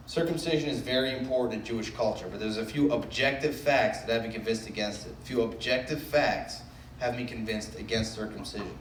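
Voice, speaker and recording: A man's voice: on the low side, a little fast, slight background noise. A man from the Boston area doing a stand-up comedy set, loose and self-mocking, riffing with the crowd. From Brookline, Massachusetts. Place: comedy club stage. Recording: echoey room from a distant mic, faint crowd ambience.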